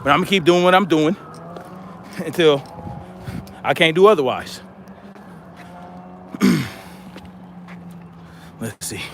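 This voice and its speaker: Guy on a livestream reading chat out loud and talking back to it, kinda high voice, outside somewhere in the city. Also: expressive, slow, pauses often, a little hiss or hum. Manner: reads viewer comments aloud and responds conversationally.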